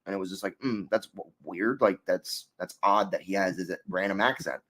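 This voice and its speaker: A man's voice: deep voice, normal speed, fairly bright tone. A man co-hosting a casual review chat, rambling with many fillers and restarts. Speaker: co-host reviewing an episode.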